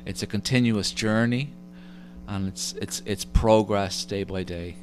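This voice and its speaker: A man's voice: on the low side, measured pace, faint music behind. A man hosting an interview, often stumbling and repeating words as he talks. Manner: stammering restarts, repeats words. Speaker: podcast host. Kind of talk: casual interview chat. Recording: steady hum behind voice.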